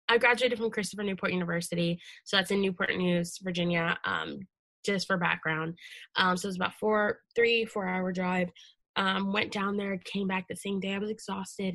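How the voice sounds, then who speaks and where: A woman's voice: mid-range voice, fairly bright tone, dry recording. Earnest young woman telling a story. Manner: emotional, earnest storytelling with fillers. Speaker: guest. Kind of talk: casual interview conversation.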